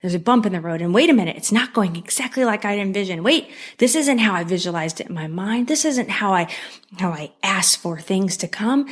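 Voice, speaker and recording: A woman's voice: medium pitch, animated, brisk. A woman hosting a solo mindset podcast, talking earnestly and from the heart, repeating phrases for emphasis. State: moved, near tears. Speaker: podcast host.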